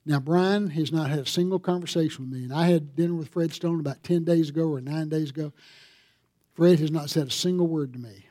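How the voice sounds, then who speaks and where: A pastor preaching a sermon, telling a story and building to emphatic appeals. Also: male voice, a little high, a little fast, warm tone, dry recording, studio quality.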